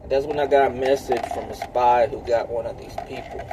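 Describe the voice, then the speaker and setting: A man's voice: medium pitch, steady tone, fairly quick, noisy background. A man in his thirties talking in a casual, rambling monologue, full of filler words and swearing. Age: 30s. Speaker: vlogger.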